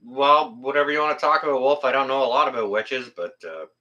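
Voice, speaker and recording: The recording is muffled as a middle-aged Canadian host talks quickly in a sharp, medium-pitched voice. On his casual livestream he reads viewer comments, rambling, joking, swearing mildly, and laughing at chat.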